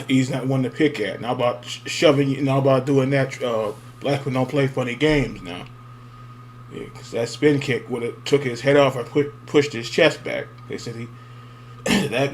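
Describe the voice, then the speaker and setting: A man's voice: medium pitch, a little hiss or hum. A man hosting a podcast, chatting loosely with rambling asides and fillers. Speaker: podcast host. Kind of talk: casual chat.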